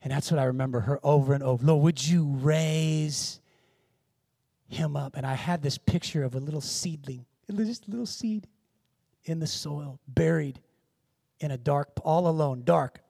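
High-voiced impassioned preacher man. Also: brisk, vocal fry, dark tone, no echo, clean studio sound. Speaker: pastor. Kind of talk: sermon.

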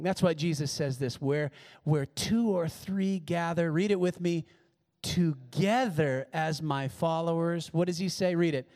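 A man's voice: on the high side, a little mellow. A male pastor preaching a sermon, emphatic and repeating his key words. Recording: reverberant church hall.

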